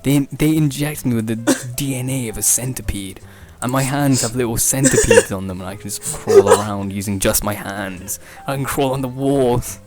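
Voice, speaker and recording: A young man hosting a podcast, rambling through an improvised absurd comedy story, often laughing at his own jokes and leaping up in pitch when he quotes people. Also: normal speed, few pauses, loud music behind the voice. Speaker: podcast host.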